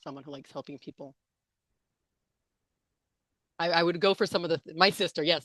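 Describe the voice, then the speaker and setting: A woman's voice: sits low, fairly even intonation, fast talker, long pauses, a bit bright, dry recording. A young adult woman giving a chatty, playful online talk to interpreters, reading out and answering comments from the chat. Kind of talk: live webinar presentation with audience chat. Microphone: computer mic on a video call.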